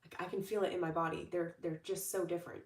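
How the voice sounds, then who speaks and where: A woman's voice: lowish voice, flat delivery, fast talker. A young adult woman talking casually as a manifestation coach on a livestream, upbeat and chatty, with lots of fillers and restarts. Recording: roomy echo, distant from the mic.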